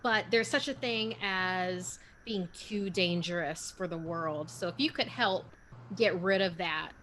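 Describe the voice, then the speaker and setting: A woman's voice: on the low side, unhurried, fairly bright tone, slight background noise, rough recording. A woman player speaking in character in a tabletop game, playful and hesitant.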